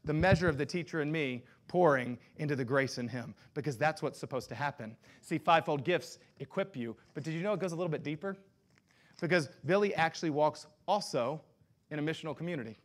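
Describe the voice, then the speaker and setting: Fast-talking pastor preaching to his congregation. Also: fairly high pitch. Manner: energetic, conversational preaching with rhetorical questions. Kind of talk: sermon. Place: church sanctuary.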